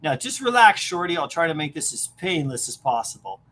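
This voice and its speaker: A woman voicing a gruff male wrestler in a comic reading, speaking in a sneering, tough-guy manner. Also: low voice, big pitch swings, fairly quick, fairly bright tone, voice pushed down. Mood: taunting.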